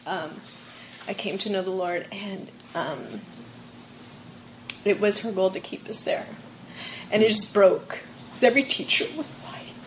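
A young woman telling an emotional personal story in a group discussion, halting and full of fillers. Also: medium pitch, animated, slight background noise, rough recording.

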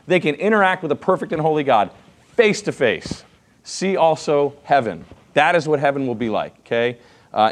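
A man in his thirties teaching a Bible class in a casual, conversational way, with many rhetorical questions. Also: a little high.

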